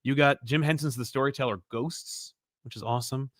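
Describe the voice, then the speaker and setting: A man's voice: medium pitch, a little fast, fairly bright tone, no echo, studio quality. A man co-hosting a casual chat show, easygoing and agreeable, reading out viewer questions. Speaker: co-host.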